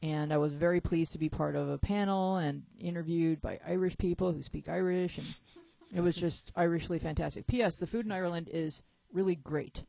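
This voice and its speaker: A woman's voice: fairly low pitch, fairly quick, vocal fry, dark tone, dry recording, lo-fi sound. A woman hosting a talk show in a chatty, playful way, jet lagged and joking with her young panel. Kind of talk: casual chat.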